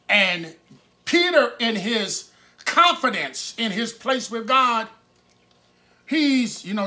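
A man delivers a sermon in a high voice, telling the story like a chat with the congregation. His tone is bright and forceful, and he slips into the voices of the people in his story. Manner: conversational storytelling preaching; acts out the people in his stories. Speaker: preacher.

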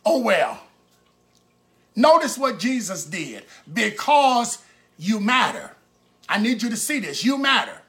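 A man delivers a sermon in a high voice, telling the story like a chat with the congregation. His tone is bright and forceful, and he slips into the voices of the people in his story. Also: sing-song, measured pace. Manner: conversational storytelling preaching; acts out the people in his stories. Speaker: preacher.

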